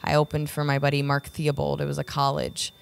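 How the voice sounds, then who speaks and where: A woman stand-up comedian telling stories in a casual chat, jumping into high voices when she quotes people. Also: fairly quick, creaky, a little hiss or hum. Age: middle-aged. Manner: animated, acts out quotes with jumps in pitch. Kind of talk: casual podcast chat, storytelling.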